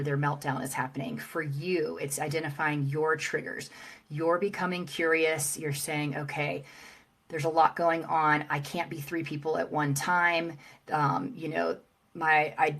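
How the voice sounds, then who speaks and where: A woman guest on an interview, talking as a parenting coach in a calm, halting way with many fillers and restarts. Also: deep voice. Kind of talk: casual interview talk.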